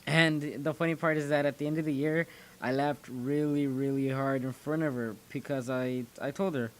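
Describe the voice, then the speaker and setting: A man's voice: medium pitch, fairly even intonation, moderate pace. A young man in his teens telling stories casually to his viewers, rambling and often restarting his sentences. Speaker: channel host. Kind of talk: casual storytelling commentary.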